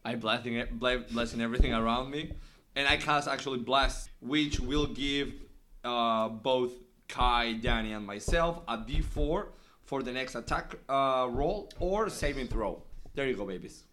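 A man playing a tabletop game, describing his character's actions in halting, non-native phrasing. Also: medium pitch, sharp tone, slight background noise. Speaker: player. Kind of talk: casual tabletop game play.

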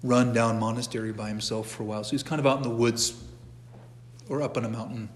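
A man's voice: mid-range voice, little pitch movement, fast talker. Man teaching a church class in an echoey hall. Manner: conversational, with frequent restarts and asides. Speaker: catechism teacher. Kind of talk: informal church class lecture. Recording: long echo of a church hall.

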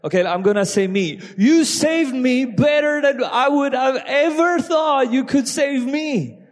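High-voiced French-accented preacher in a reverberant hall. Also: male voice, a little slow. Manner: emphatic, restarts often, breaks into shouts of praise. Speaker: guest preacher. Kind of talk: sermon. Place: church sanctuary.

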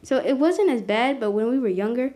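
A woman hesitantly telling a group about her mother, with many pauses and fillers. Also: on the high side, lively intonation, mellow. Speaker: group participant. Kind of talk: personal story in a group discussion.

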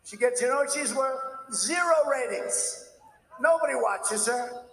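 A man's voice: very high voice, expressive, unhurried, creaky, a bit bright, poor audio. A man speaking as president, combative and repetitive, brushing off reporters. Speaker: president at a press conference. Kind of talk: speech and press conference remarks.

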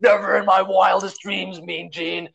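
A man impersonating a brash older male wrestler, ranting loudly and hoarsely in a high, excited voice. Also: unhurried, exaggerated voice.

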